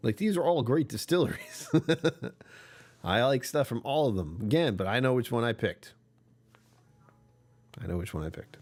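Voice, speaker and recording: A tired man with a rumbly voice hosting a livestream, chatting casually, joking and laughing with his viewers. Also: animated, a little slow, long pauses. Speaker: livestream host.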